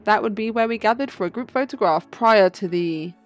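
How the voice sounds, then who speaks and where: A woman's voice: medium pitch, fairly quick, faint music behind, close to an everyday voice. Woman voicing a formal, gracious baron, game read-through. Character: courteous male baron, host of a manor. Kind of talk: game playthrough read-aloud.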